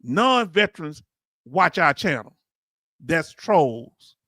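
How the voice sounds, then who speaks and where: A man hosting a livestream, animated and preachy, talking in casual slang and calling on his viewers in the chat. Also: fairly high pitch, slow pace, no room sound, studio quality. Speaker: channel host.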